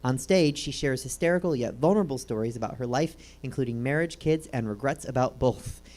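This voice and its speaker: A woman's voice: extremely low pitch, a little fast, darkish tone. A woman hosting a comedy talk show, joking in a dry way and introducing guests.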